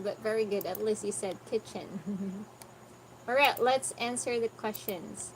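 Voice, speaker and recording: Slow-paced patient woman tutor. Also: mid-range voice. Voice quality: patient, corrective, repeats words slowly for the student. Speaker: English tutor. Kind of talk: online pronunciation lesson. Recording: noticeable background noise.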